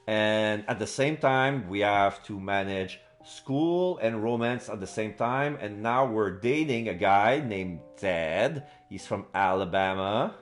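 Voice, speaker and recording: Slow, low-voiced male streamer, halting, excitable. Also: soft background music. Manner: halting, many fillers, excitable. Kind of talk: casual live-stream chat.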